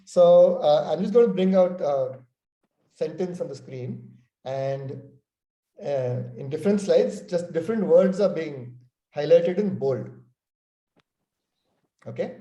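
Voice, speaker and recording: A man's voice: on the high side, warm tone, muffled recording. A man leading an online sales training workshop, talking conversationally over a video call. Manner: conversational, frequent "okay" and "you know". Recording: echoey room.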